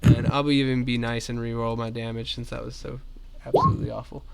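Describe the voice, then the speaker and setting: A man, narrating a tabletop game as game master in a relaxed, chatty way. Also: mid-range voice, a little fast, vocal fry, clean tone.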